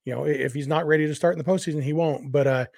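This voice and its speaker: A man in his forties hosts a sports podcast in an easygoing, chatty way, with frequent fillers between thoughts. His voice sits a little high and has a gravelly edge. The sound is dry and close to the mic. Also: steady tone, very fast, a little mellow, no echo. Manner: chatty, conversational, with many "uh" fillers. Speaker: podcast host. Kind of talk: casual podcast talk and read ads.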